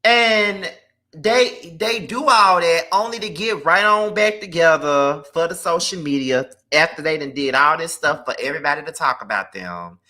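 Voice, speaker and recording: Sassy, cussing livestream host. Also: male voice, on the high side, sharp tone. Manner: sassy, profane, drawn-out complaining. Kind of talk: livestream commentary on celebrity gossip.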